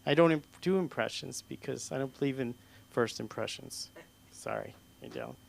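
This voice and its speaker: A man's voice: medium pitch, moderate pace, gravelly, a little hiss or hum. A man doing stand-up at an open mic, self-deprecating and punny. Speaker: stand-up comic. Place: small comedy club stage.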